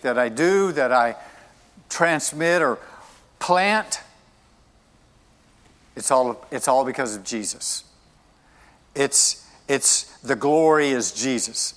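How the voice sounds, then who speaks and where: A man's voice: medium pitch, fairly bright tone, long reverb tail. A male pastor preaching a sermon in a church service, emphatic and repeating his key phrases.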